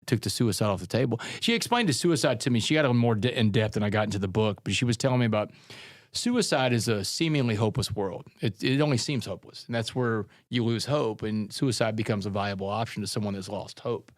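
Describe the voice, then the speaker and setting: A man's voice: on the low side, quick pace, no echo, studio quality. A man who is a guest author, telling his life story in an earnest, conversational way in an interview. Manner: earnest, conversational, calls people man and brother.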